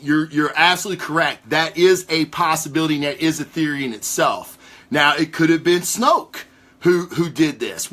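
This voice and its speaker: Excitable, profane man rambling theories. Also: a little high. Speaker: podcast host. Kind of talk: casual theory talk to a live chat.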